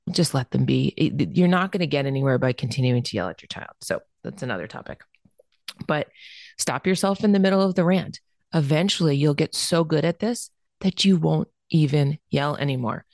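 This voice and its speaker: A woman's voice: low-pitched, a little mellow, dry recording. Woman coaching earnestly in a dry voice. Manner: emphatic repetition for stress. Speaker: podcast host. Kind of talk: self-help podcast monologue.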